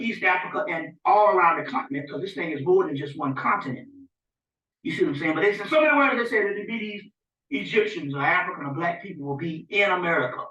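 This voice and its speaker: A man with a high, bright, forceful voice gives a rambling, animated lecture, often checking that his listeners follow him. He is recorded from across an echoey room on dull, lo-fi audio. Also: distant mic. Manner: rambling, animated, often asks "you see what I'm saying". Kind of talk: informal spiritual lecture. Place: rented lecture room with a small audience.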